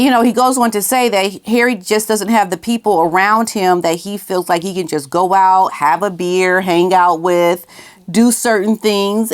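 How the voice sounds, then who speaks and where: A woman giving casual opinion commentary on her vlog, emphatic and repeating her key phrases, sometimes talking aside to someone off camera. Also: medium pitch. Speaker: commentary vlogger.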